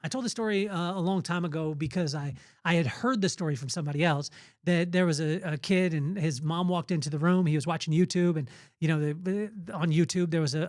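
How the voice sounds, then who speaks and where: A man's voice: on the high side, no room sound, clean studio sound. A middle-aged man hosting a podcast, giving an earnest, preachy motivational faith talk with spontaneous storytelling. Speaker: podcast host.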